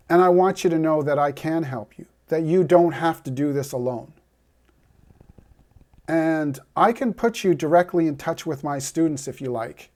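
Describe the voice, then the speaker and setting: Man, motivational coach, persuasive, direct address, unhurried delivery. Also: on the high side, warm tone. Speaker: heartbreak and life coach. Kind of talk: direct-to-camera motivational talk.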